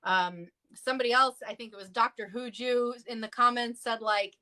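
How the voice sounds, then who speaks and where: A clergy guest in a livestream discussion talks casually, telling chatty stories packed with fillers. Her intonation stays fairly even, her pace is moderate, and her tone is sharp. When she acts out quoted voices, her pitch jumps.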